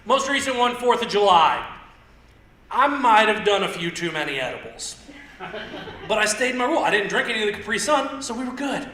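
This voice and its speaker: A young man from Indiana doing a stand-up comedy set on a theater stage, telling rambling stories and punching lines with sudden shouts. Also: high-pitched, very animated, a little fast. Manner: loose, rambling storytelling with stutter-mimicking bits and sudden shouted punchlines. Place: theater stage with live audience. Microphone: handheld stage mic. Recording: roomy theater sound.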